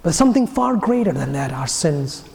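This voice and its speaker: A man, a priest, giving a homily as an earnest storyteller whose phrases soften and fall away at their ends. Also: a little high, big pitch swings, moderate pace, vocal fry. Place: church. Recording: echoey church with long reverb.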